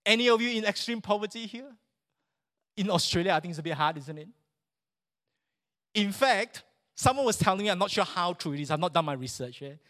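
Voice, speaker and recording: High-voiced animated male pastor. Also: a little fast, pauses often. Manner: animated, joking with the congregation. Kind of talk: sermon. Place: church.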